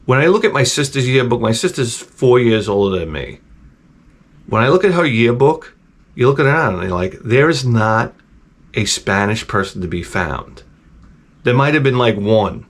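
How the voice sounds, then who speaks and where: A man's voice: mid-range voice, expressive, moderate pace. Middle-aged male host; loose, profane, digressive storyteller with an ordinary mid-range voice. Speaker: channel host. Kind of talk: casual rambling storytelling.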